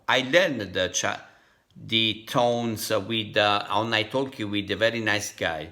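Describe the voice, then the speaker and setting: Italian man, vlogger, bright tense voice, halting self-practice. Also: on the low side. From Italy. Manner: halting, repeats syllables to drill tones. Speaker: language-learning vlogger. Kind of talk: thinking aloud while practicing.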